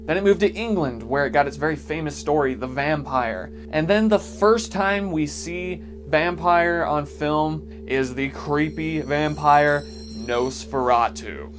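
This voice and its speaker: A man's voice: a little high, unhurried, hardly any pauses, soft background music. A man narrating a history vlog, joking and irreverent between facts. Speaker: video essay host.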